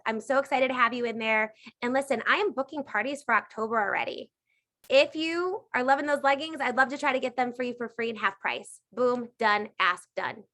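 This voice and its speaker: Woman, thirties, energetic live Q&A coach, emphatic and repetitive, fairly high voice. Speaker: direct sales team leader.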